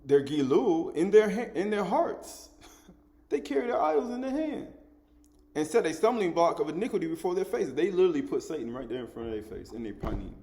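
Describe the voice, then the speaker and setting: A man preaching a sermon, teaching in an animated way, repeating and restating his words and chuckling as he goes. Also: fairly high pitch, quick pace, hardly any pauses.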